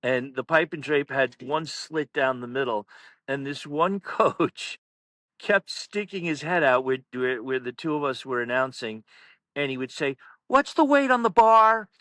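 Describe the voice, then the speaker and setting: A man, a powerlifting meet announcer, telling stories in casual chat, animated and laughing often. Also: medium pitch, unhurried, dry recording. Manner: animated, laughs through stories, acts out quotes loudly. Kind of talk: casual storytelling.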